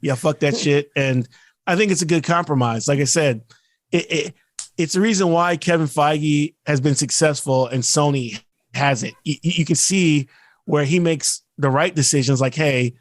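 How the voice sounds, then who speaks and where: A man co-hosting a podcast, ranting in casual chat and mimicking actors in quick asides. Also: fairly high pitch, no room sound. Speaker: podcast co-host.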